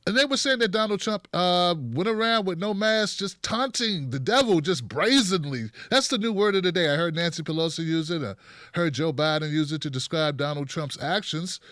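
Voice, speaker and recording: A man hosting a comedic political commentary show, talking in an animated, sarcastic and profane way. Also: sits high, normal speed, no room sound, studio quality. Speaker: host.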